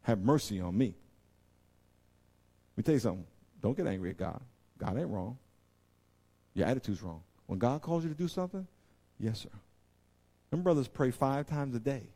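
A man preaching a sermon to his congregation, with emphatic delivery that swings from loud exclamations to quiet intensity and repeatedly addresses the audience directly. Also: medium pitch, lively intonation, brisk, long pauses. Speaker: pastor.

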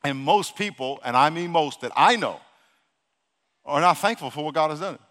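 A male pastor delivers a sermon from the stage, pushing his congregation with blunt, repeated questions and calls to pray out loud. His voice sits high and bright, close to a microphone. Behind him the big church hall rings with long reverb. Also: lively intonation, normal speed. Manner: exhorting, repeats himself, Southern-leaning casual speech. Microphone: handheld or stage microphone.

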